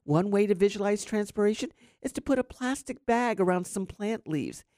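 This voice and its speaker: A woman's voice: medium pitch, expressive, normal speed, dark tone, no echo, clean studio sound. A woman hosting a syndicated radio gardening show, chatting casually with many fillers and explaining plant science. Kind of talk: casual radio talk with call-ins. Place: radio studio.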